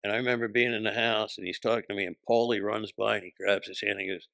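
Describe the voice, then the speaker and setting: Male comic guest, bright edgy tone, animated raconteur who slips into other people's voices. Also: on the low side, quick pace, creaky, no echo. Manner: animated, acts out quoted voices. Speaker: comedian guest. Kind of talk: storytelling anecdotes.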